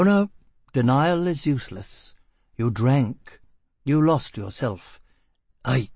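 A man doing a smooth, coaxing doctor. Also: mid-range voice, no echo. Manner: calm, coaxing, clinical. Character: smooth, persuasive male doctor.

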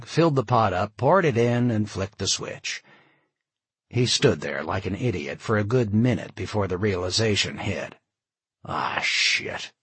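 Male audiobook narrator, low husky voice, lively intonation. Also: dry recording. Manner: expressive, measured storytelling.

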